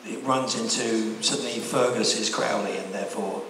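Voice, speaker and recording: A man with a gravelly, creaky voice, answering fan questions in a wry, rambling way. He sounds distant, his words bouncing around a huge hall with a long reverb tail and steady noise underneath. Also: on the low side, moderate pace. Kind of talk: convention panel Q&A. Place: large convention hall. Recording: echoey hall heard from afar.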